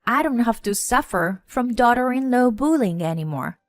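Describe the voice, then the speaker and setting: A woman narrates a first-person story in a steady, lively voice. The recording is dry and close, with faint music underneath. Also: fairly high pitch, normal speed, no room sound.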